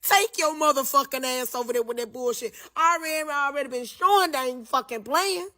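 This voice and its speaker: A man's voice: extremely high pitch, moderate pace, sharp tone. A man in his twenties doing an exasperated, profane comedic rant. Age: 20s.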